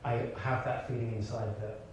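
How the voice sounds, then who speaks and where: A man from Birmingham, an actor and director, telling animated stories to an audience on stage in a live conversation. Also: medium pitch, moderate pace. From Birmingham, England. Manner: animated storyteller, frequent restarts and laughter. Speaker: actor and director, interview guest. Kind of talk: onstage conversation before an audience. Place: large hall with audience. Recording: echoey hall from far off with background hiss.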